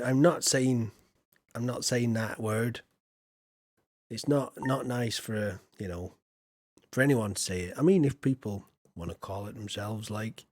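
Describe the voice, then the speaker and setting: Here a Yorkshireman streams a farming game and chats loosely, filling his rambling, self-mocking talk with lots of fillers. His voice is mid-range, and there's no echo.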